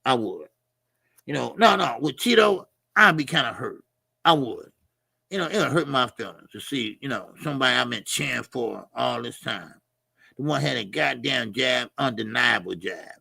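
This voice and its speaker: A man hosting a boxing commentary stream, ranting in a loud, animated, profane way with frequent shouting and asides. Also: medium pitch, moderate pace, vocal fry, husky, no room sound, clean studio sound. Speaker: boxing commentary channel host.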